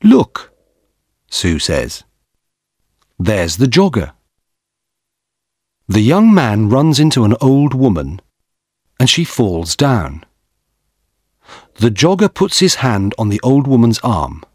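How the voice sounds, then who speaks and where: Man reading a learner story real slow, husky, lively pitch, dry close sound. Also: no echo. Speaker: narrator. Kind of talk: scripted narration of a graded reader.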